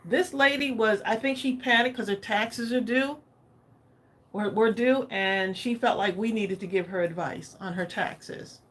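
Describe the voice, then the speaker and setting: A woman's voice: on the high side, a little slow. Picture a woman running a crafting livestream, chatting as she works. She keeps turning to her viewers for their opinions in a loose, easygoing flow. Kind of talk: casual livestream chat while crafting.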